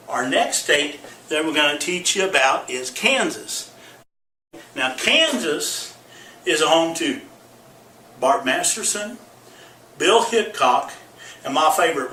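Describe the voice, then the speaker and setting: A man's voice: a little high, sharp tone, a little hiss or hum. A man giving a folksy, comic explainer, often whooping and making goofy sound effects, and checking in with okay after each point. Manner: hollers yeehaw and makes goofy sound effects; repeats okay often, teacher-like. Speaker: comedic vlogger. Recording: echoey room, voice far from mic.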